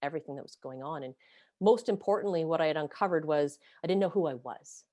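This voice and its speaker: Frank low-voiced woman, swearing freely. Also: fast talker, darkish tone, no room sound. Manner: blunt, swears freely, self-deprecating. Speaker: podcast host being interviewed. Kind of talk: candid personal storytelling.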